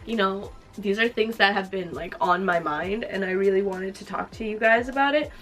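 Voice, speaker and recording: A woman in her twenties chatting casually and warmly while she wraps gifts, talking in a heartfelt way full of "like" and "you know". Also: mid-range voice, moderate pace, faint music behind. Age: 20s. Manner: chatty and heartfelt, filler-heavy. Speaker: lifestyle vlogger.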